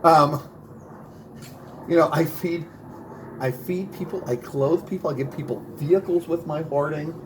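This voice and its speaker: A man's voice: on the high side, unhurried, pauses often, a little hiss or hum, poor audio. A man rehearsing a stand-up comedy bit, with punchy delivery and a repeated catchphrase. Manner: bilingual.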